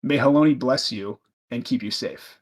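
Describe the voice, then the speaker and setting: Casting note: man playing a green-cloaked stranger, calm, courteous, smiling, low voice. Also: moderate pace, natural voice. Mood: friendly.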